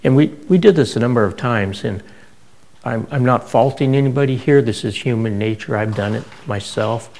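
A man's voice: medium pitch, moderate pace, a little mellow, poor audio. A middle-aged man preaching a sermon, telling stories in a conversational way with frequent restarts. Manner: conversational storytelling with many restarts.

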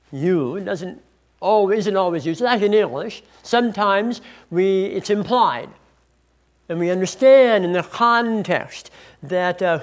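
A middle-aged male pastor gives a teaching sermon at an unhurried, measured pace. He speaks deliberately and stretches out key words to stress them. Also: high voice.

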